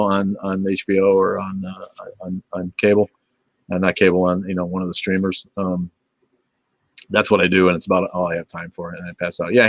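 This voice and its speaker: A man in his fifties hosting a casual livestream, rambling and cursing in a laid-back way as he answers viewer comments, often trailing off into low mumbles. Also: dry recording. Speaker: livestream host.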